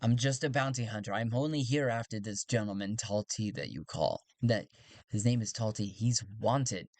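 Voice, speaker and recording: Dude doing a pushy bounty hunter, insisting hard, dry sound. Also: male voice, fairly low pitch, animated, moderate pace, a little mellow, dry recording. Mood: defensive. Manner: insistent, protesting.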